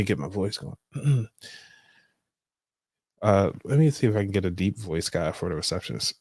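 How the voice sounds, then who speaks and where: A man's voice: on the low side, lively intonation, normal speed, darkish tone, no echo, studio quality. A man hosting a live money show, talking loosely and offhandedly with trailing asides. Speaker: podcast host. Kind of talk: casual live demonstration.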